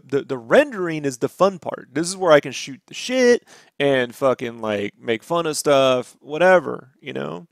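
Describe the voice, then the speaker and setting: A man's voice: high-pitched, no echo, studio quality. A man ranting casually and profanely while drawing on a livestream, rambling from one aside to the next. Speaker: artist streaming a drawing session.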